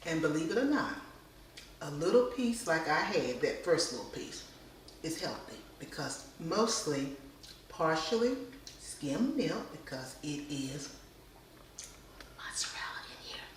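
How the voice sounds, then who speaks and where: A woman's voice: sits low, very animated, measured pace, distant mic, a little hiss or hum. A woman hosting a cooking show, tasting her dish on camera. She hums over each bite and keeps slipping into a whisper. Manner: drifts into whispering, savoring hums. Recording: echoey room, voice away from mic.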